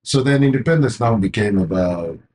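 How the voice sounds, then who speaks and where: A man's voice: lowish voice, lively intonation, moderate pace, a little mellow, a little hiss or hum. A Zambian man with a Zambian accent, a comedian and MC, talking casually in an interview with many fillers and "you know"s. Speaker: guest, comedian and MC.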